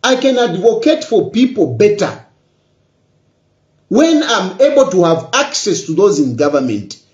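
A man's voice: high-pitched, sing-song, unhurried. A Zambian man talking to his audience in an emphatic, repetitive way that builds to insistence. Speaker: politician. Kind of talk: political address to social media. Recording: echoey, dull lo-fi room sound.

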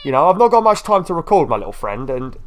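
A man commentating his own gameplay in a lively, swinging voice that sits a little high. He scolds and coaxes the creature on screen and gets more and more exasperated, with a lot of swearing. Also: a little hiss or hum. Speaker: gaming YouTuber. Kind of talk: let's play commentary.

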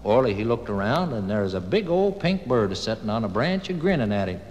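A man's voice: on the low side, big pitch swings, a little fast, a little mellow, in a large hall, poor audio. A man narrating a children's tale in a homespun, yarn-spinning way. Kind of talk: folksy storytelling.

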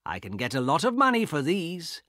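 A man voicing a greedy, cruel young man in a storybook, talking in a slow mocking drawl. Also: fairly high pitch, wildly swooping pitch, pushed and bright, no echo, studio quality, voice pushed up, full character voice.

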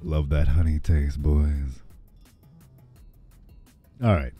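Deep-voiced, hoarse man chatting to chat. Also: fairly even intonation, extremely slow, warm tone, faint music behind. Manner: rambling, joking, talks to chat. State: hoarse, a bit raspy. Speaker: livestreamer. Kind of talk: casual livestream chatter.

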